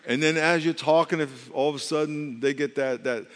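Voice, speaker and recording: A male pastor preaches in a loose, conversational way, cracking jokes and tossing asides to the room. His voice sits a little high, and a long reverb from a large hall trails behind every phrase. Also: fairly even intonation, moderate pace, few pauses, a little hiss or hum. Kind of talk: sermon.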